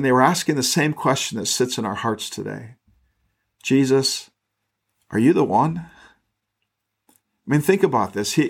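A man's voice: fairly low pitch, creaky. Man reading scripture and preaching conversationally. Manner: reads verses aloud then reflects conversationally, with repeated words. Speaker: pastor. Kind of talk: scripture reading with sermon commentary. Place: podcast recording.

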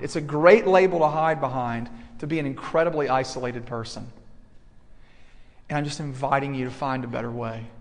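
A man's voice: a little high, in a large hall. A middle-aged man preaching a sermon to students as a campus pastor, talking earnestly and building to emphatic points.

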